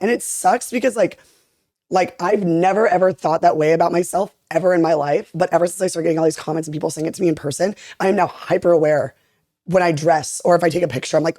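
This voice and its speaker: A young woman with a raspy, deep voice, chatting casually as a podcast guest and acting out quoted lines as she tells a story. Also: fast, no room sound, studio quality. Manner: animated storytelling, acts out quotes, frequent fillers. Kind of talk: casual chat.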